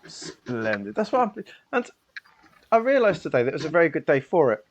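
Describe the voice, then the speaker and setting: A man's voice: fairly high pitch, very animated, a little fast, a little hiss or hum. A man hosting and running a tabletop game stream, joking and slipping into mock French phrases. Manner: playful, jokey, slips into a mock French accent. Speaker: game master.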